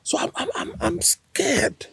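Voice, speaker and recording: A Nigerian-accented actor playing a proud shop owner who shouts in anger and stammers when scared, in a film drama. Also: male voice, lowish voice, very animated, measured pace, breathy edge, no room sound, heavily acted. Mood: anxious.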